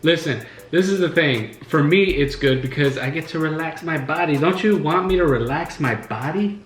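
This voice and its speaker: A man with a fairly high voice speaks at a moderate pace, hosting a relaxed chat at home over a meal. He tells rambling stories packed with fillers. The living room sounds echoey, with faint music behind him.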